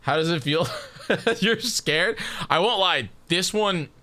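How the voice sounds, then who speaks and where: Male streamer, loose rambling talk full of restarts, bright and crisp. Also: high-pitched, expressive, slow pace. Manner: rambling, stacks repeated restarts. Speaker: game streamer. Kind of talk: casual live-stream chat.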